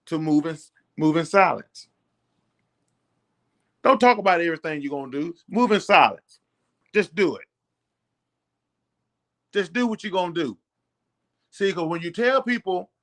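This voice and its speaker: A middle-aged man who hosts a network marketing channel gives his viewers a motivational talk, getting fired up as he encourages them in a preachy, repetitive way. His voice is fairly high in pitch and a bit bright.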